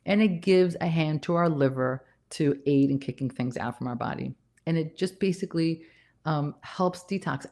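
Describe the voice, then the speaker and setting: Speaking in a low voice with a darkish tone, this nurse practitioner keeps her health talk casual. She hammers home key points by repeating them, and she's slightly winded.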